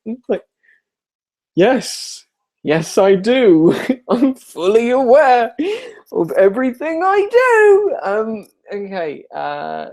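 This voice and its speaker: A man's voice: high voice, animated, a little mellow. Rambling, joking young man. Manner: self-deprecating, rambling, quick with jokes. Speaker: YouTuber hosting a live Q&A. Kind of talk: casual live chat.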